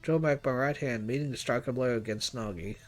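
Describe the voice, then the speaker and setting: A man hosting a let's play, reading a visual novel's narration aloud in a quiet, low, unhurried way. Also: faint music behind.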